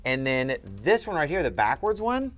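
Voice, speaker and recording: A man's voice: mid-range voice, huge pitch swings, moderate pace, faint music behind. A man teaching at a board in a room, explaining patiently and checking in with frequent "okay?".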